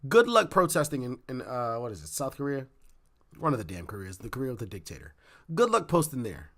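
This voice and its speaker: A man's voice: mid-range voice, very animated, a little fast, a bit bright. A man hosting his own podcast, ranting bluntly and with a lot of swearing, and sounding a little sick. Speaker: podcast host. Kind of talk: solo podcast rant.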